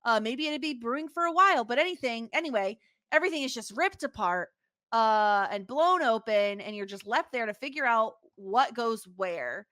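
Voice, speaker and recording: Bright-voiced excitable woman co-host. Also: on the high side, no echo, clean studio sound. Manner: excitable, quick reactions. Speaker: podcast co-host. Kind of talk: casual chat.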